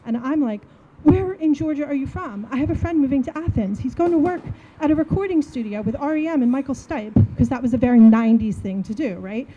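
A woman in her forties from New Jersey, telling a funny story in a casual, animated way and acting out the dialogue. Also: high voice, fairly quick, hardly any pauses, muffled recording, noisy background. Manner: animated, acts out dialogue, laughs while telling.

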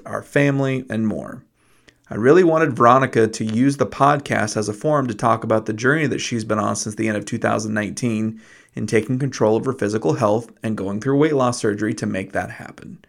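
A male podcast host with a voice of everyday middle pitch. He talks in a casual, playful way and teases with self-deprecating humor. He tells stories with relaxed comic timing.

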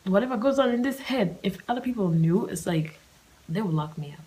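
A young woman hosts a casual solo storytime podcast, rambling and animated and often dropping into a whisper. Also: medium pitch, a little fast, a little hiss or hum, poor audio. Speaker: podcast host.

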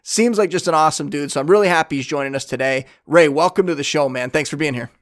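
This sports podcast host has a fairly high-pitched voice and a quick pace. Keeping things casual, he goes over the news, asks his guest questions, and offers easygoing, chatty analysis.

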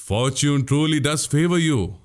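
A man's voice: fairly high pitch, lively intonation, unhurried. A man voicing a crafty older male spy in an audiobook, needling and mocking with pointed questions. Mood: teasing. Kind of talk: audiobook character voice.

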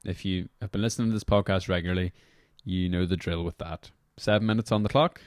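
A man's voice: low voice, fairly even intonation, fast, darkish tone, no room sound. A young man hosting a devotional podcast, talking casually and reflectively with rambling, apologetic asides before leading a guided prayer.

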